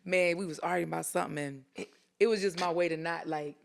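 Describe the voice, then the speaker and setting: A woman's voice: on the low side, fast, gravelly, a crowd in the background. A woman guest chatting casually on a podcast and telling stories with lots of laughter. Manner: laughing, animated storyteller. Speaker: film guest.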